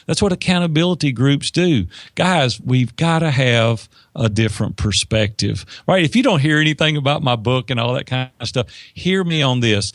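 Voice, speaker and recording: A man telling personal stories as an interview guest, in an emphatic, animated way. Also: medium pitch, normal speed, few pauses, dry recording, studio quality. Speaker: interview guest, business mentor. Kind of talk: conversational storytelling.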